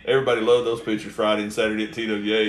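Profane storyteller in an echoey room. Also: male voice, lowish voice, level tone, racing. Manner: profane, rambling storytelling with lots of laughter. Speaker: guest storyteller. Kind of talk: casual podcast chat. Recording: roomy echo.

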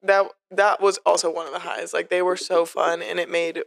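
A woman's voice: fairly low pitch, little pitch movement, normal speed, creaky, dry recording, clean studio sound. A young woman co-hosting a podcast, telling stories in casual, swearing chat. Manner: chatty storyteller, swears freely. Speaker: podcast co-host.

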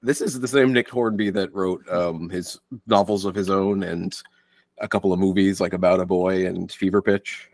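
A man co-hosting a casual film podcast, reacting quickly, joking and laughing a lot. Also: low-pitched, steady tone, a little mellow, no echo, studio quality. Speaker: podcast co-host.

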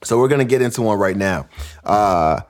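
With a lowish voice at normal speed, this podcast host reads letters from listeners on his casual comedy show. He laughs often and stays animated and jokey throughout.

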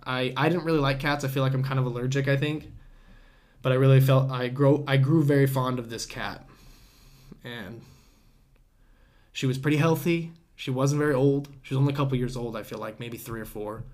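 Relaxed and conversational, this young podcast guest speaks at a brisk clip in an ordinary mid-range voice. His story loops and wanders, "dude" and "bro" show up in nearly every sentence, and the swearing comes out casually, as if he's talking to a buddy.

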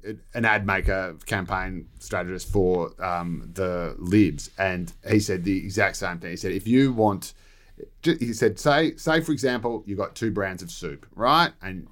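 A man with a fairly low voice, chatting casually about politics on a panel show. He tells stories with energy and drops into put-on voices along the way. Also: moderate pace. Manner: animated storyteller, puts on voices. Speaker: podcast panelist.

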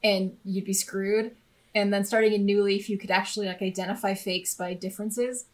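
A woman's voice: medium pitch, steady tone, moderate pace. An American woman co-hosts a casual podcast chat. She sounds enthusiastic and rambles, breaking into laughter as she goes. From United States. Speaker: podcast co-host.

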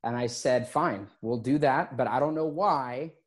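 A man's voice: medium pitch, a little slow. A man who is an interview guest and former gym owner, telling his story casually and acting out past conversations. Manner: relaxed, recounts conversations in quotes.

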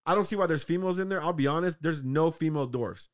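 A podcast co-host rants casually and animatedly about a movie, peppering his fast talk with "like" and swearing. His voice is a little high.

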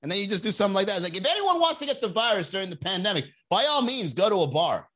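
A man's voice: high voice, big pitch swings, rapid-fire, fairly bright tone. Profane, laughing man ranting casually. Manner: loose, profane, slangy, laughs at own jokes. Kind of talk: casual comedic rant. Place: Miami area.

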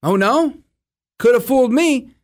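Sarcastic, high-voiced male commentator. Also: lively intonation, unhurried. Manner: combative and sarcastic. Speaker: political talk show host. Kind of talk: opinionated political commentary.

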